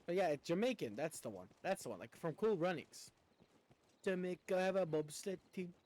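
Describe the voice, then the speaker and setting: A man's voice: high-pitched, animated, normal speed, a little mellow. A man streaming a video game, chatting casually as he plays, rambling and stammering and poking fun at himself. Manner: rambling, stammering, self-mocking. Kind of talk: casual gameplay commentary.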